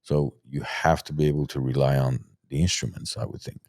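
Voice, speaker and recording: A man with an extremely deep voice hosts a podcast in casual chat. He searches for words and restarts his sentences as he thinks aloud. The sound is dry and close, with no room around it. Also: fairly even intonation, a little fast, a little mellow, no echo. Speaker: podcast host.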